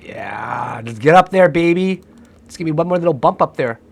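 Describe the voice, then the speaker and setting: Excitable, foul-mouthed young-sounding trader man. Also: a little high, moderate pace, creaky, husky. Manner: excitable, profane, shouts and pleads at the price chart; cocky, joking. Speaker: crypto trader streaming his trades. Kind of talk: live commentary on his own trades.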